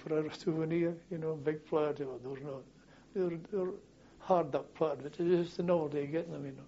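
An older man telling wartime memories as a former policeman, in a halting, rambling way full of restarts and chuckles. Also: fairly high pitch, steady tone, dark tone, highs cut off, a little hiss or hum. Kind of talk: oral history storytelling.

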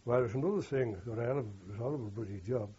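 A man's voice: medium pitch, rapid-fire, dark tone, breathy edge. An older man, a war veteran telling rambling oral history anecdotes and quoting others with "he says". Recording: dull lo-fi recording.

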